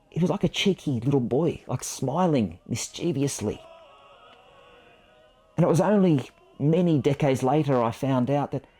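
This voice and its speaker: A man's voice: medium pitch, warm tone, husky. A man in his fifties, a photographer, telling a personal story to camera in a reflective, self-deprecating way.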